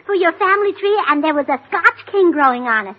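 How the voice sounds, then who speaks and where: A woman's voice: very high voice, animated, fairly quick. A woman in a 1940s radio comedy, playing a bubbly, scatterbrained wife who giggles often. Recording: muffled 1940s radio broadcast with loud hiss.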